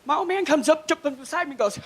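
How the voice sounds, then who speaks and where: A woman doing a first-time stand-up comedy set on a small club stage, talking in an animated way and giggling through her own jokes. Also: high voice, quick pace.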